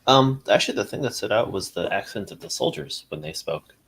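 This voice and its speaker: A man speaks as a guest in a casual chat. His voice is very deep yet bright and forward, and he talks in a halting way. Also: animated, a little hiss or hum. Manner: hesitant, halting.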